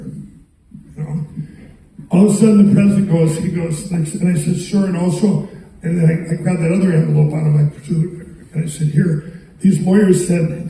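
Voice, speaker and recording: A man giving an animated, excitable storytelling speech to an audience at an arts center, acting out quotes and shouting. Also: sits high. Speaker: public speaker. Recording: very echoey hall, mic at a distance.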